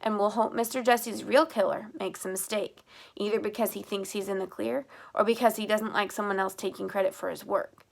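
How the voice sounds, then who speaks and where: A woman reading an audiobook, voicing a steady middle-aged male sheriff who questions in a measured, even way. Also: mid-range voice, creaky. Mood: calm probing.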